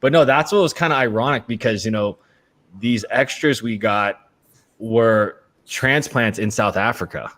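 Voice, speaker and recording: A man's voice: fairly low pitch, a little slow, a bit bright. Man telling a loose, filler-heavy anecdote on a talk show. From United States. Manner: rambling, storytelling with many fillers. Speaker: actor guest. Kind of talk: casual chat.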